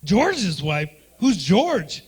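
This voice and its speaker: A man's voice: high voice, wildly swooping pitch, very slow, a little mellow, breathy edge. A man doing a stand-up comedy set in a club, working the front row with brash, profane banter into a handheld mic. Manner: brash, profane crowd work.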